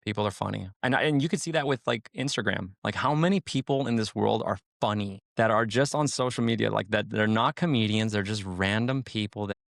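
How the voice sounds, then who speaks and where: A man with a lowish, gravelly voice talks on a podcast in a loose, rambling way. He leans on "like" and "you know" and swears freely. The sound is close and dry. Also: a little fast, hardly any pauses, no echo. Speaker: podcast co-host, sheriff's deputy. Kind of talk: casual podcast chat.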